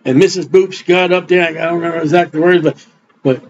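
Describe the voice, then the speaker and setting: A man's voice: fairly high pitch, steady tone, fairly quick, slight background noise. A middle-aged man preaching an informal, rambling sermon in a blunt, conversational way. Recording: dull lo-fi recording.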